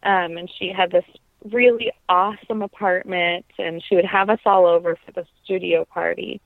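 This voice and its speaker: A woman's voice: lowish voice, fairly even intonation, moderate pace, creaky, no room sound. Young woman opera singer being interviewed, heartfelt, lots of ums, sounds like a phone line. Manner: reflective, heartfelt, many fillers. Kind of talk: casual interview.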